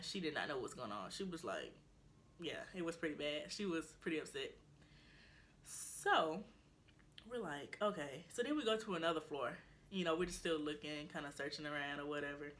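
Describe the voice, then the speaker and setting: A young woman, telling a storytime in a casual vlog, animated and acting out what her friends said. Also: lowish voice. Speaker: vlogger.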